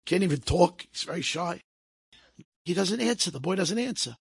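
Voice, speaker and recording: A man telling stories to an audience in a lively way, acting out the people in them and slipping in Hebrew phrases. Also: high voice, moderate pace, gravelly, husky. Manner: lively, acts out quoted speech, sprinkles Hebrew phrases. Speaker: storyteller. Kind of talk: animated storytelling to an audience.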